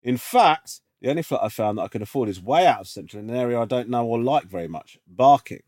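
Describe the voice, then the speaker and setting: A man's voice: mid-range voice, lively intonation, fast, a little mellow, no room sound. Dry, teasing man on a podcast. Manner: dry, teasing, reads listener emails aloud. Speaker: podcast co-host. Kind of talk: casual advice podcast chat. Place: remote call.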